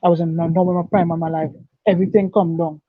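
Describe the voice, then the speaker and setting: A man giving an earnest, halting personal testimony, repeating and restarting his words. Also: a little high, flat delivery, no echo. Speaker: guest telling his life story. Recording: dull dry lo-fi recording.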